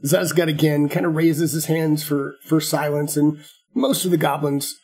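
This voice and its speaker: A man narrating as game master of a tabletop game, halting and repeating words as he goes. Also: fairly high pitch, fairly even intonation, a little mellow, breathy edge.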